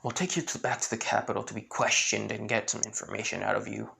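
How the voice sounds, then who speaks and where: A man's voice: lowish voice, flat delivery, quick pace, gravelly, bright, forceful tone, exaggerated voice. Man doing a brash, impatient young mage. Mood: brusque. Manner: blunt and scornful.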